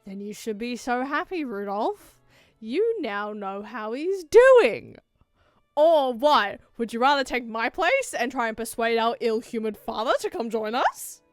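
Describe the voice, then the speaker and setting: A woman voicing a stern, authoritative older brother with an Australian accent, speaking in a measured, lecturing way. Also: on the high side, sing-song, no room sound, clean studio sound, faint music behind.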